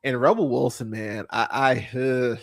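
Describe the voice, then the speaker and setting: A man hosting a casual movie podcast, rambling and swearing freely, full of fillers and restarts, and turning animated when he mocks what he saw. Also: medium pitch, measured pace, gravelly. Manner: animated when mocking characters. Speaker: podcast host. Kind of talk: casual movie review chat.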